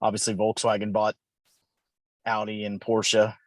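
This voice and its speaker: A man's voice: fairly low pitch, completely flat delivery, unhurried, no echo. Opinionated man, dry close sound. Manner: opinionated, fond of correcting pronunciation. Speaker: podcast co-host. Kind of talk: casual chat.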